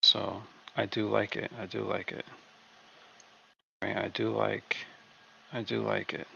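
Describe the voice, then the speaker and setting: A man's voice: on the low side, little pitch movement, slow pace, creaky, pushed and bright, breathy edge. A man hosting a live trading stream, giving laid-back market commentary and repeating phrases to himself on a dull, lo-fi recording.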